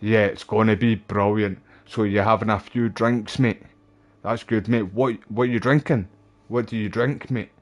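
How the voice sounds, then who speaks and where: Young Scottish male streamer, low-ish register, casual and talkative with his viewers. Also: fairly even intonation, normal speed. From Scotland. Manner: chatty, addresses viewers as mate and pal. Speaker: game streamer. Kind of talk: casual live-stream chat while playing.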